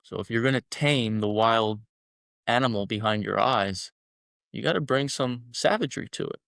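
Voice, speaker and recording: A man's voice: mid-range voice, moderate pace, vocal fry, fairly bright tone, no echo, clean studio sound. A man guest on a podcast, talking bluntly and emphatically, swearing freely as he makes his points. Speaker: guest, men's collective founder. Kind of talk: podcast interview talk.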